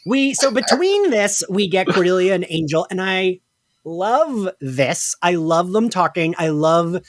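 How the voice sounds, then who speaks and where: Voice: medium pitch, sing-song, measured pace. A podcast co-host in casual chat, rambling with lots of fillers and acting out quotes.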